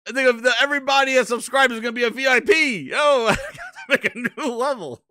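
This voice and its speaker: A man streaming a loud, joking reaction to a clip, shouting and cheering. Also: extremely high pitch, fast talker, no room sound, studio quality. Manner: excitable, shouting, joking, mock voices.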